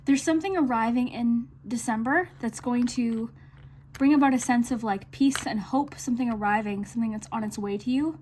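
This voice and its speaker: A woman's voice: a little high, a little fast, darkish tone, slight background noise. A woman giving a casual tarot card reading to viewers, talking in a chatty, reassuring way with lots of fillers. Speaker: tarot reader. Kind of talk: casual intuitive reading to camera.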